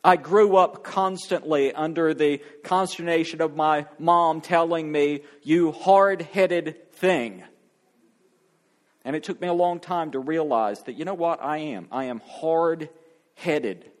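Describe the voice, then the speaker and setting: A man preaching a sermon, reading scripture aloud and then exhorting the congregation, stretching words out slowly for emphasis. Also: a little high. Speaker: pastor.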